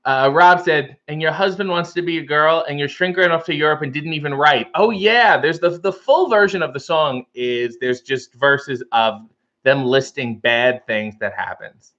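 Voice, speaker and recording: A man's voice: a little high, moderate pace, fairly bright tone, muffled recording. A man hosting a casual live stream, reading out viewer comments and answering them with wry, joking asides.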